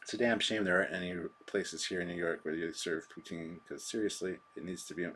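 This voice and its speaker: A man's voice: low voice, fairly quick, a bit bright, slight background noise. A man hosting a live stream, chatting casually and rambling through viewer comments with a self-deprecating manner.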